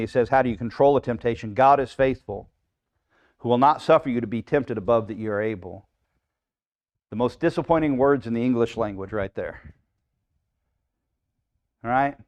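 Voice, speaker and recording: A man's voice: mid-range voice, darkish tone, lo-fi sound. A male pastor teaching a live Bible study in a conversational preaching style, often checking in with "right?" and acting out people's inner voices.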